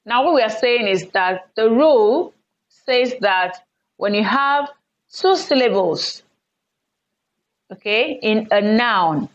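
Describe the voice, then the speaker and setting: A woman teacher walks students through stress rules at a slow, patient pace, her voice sitting somewhat high. She repeats each example word loudly. The recording sounds dull and lo-fi. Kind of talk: online English lesson on word stress.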